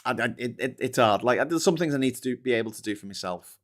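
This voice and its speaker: A man's voice: medium pitch, expressive, quick pace. A man hosting a casual live-stream show, reading out news and commenting with sarcasm, swearing and many restarts. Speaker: host.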